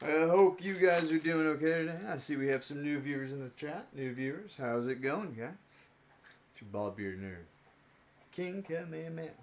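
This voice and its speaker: A man's voice: a little high, animated, normal speed, slight background noise. A young man chatting casually on his live stream as he opens card packs, rambling and joking about himself.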